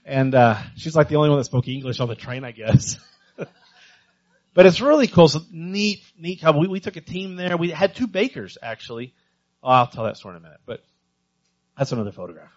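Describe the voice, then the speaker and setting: A man giving a missions talk to a church congregation, telling stories with lively energy and often stumbling over repeated words. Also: a little high, a little fast, highs cut off. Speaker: visiting missions speaker.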